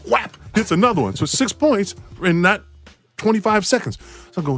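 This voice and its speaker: Animated man telling a story. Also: a little high, a little fast, soft background music. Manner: lively storyteller who acts out quotes and laughs often. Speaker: former basketball player telling a story. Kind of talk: animated anecdote in an interview.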